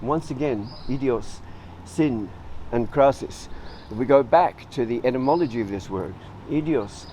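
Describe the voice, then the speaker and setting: A middle-aged man teaching a writing tutorial in a relaxed, informal way, explaining word origins and acting out short lines of example dialogue. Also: medium pitch, unhurried, slight background noise, rough recording.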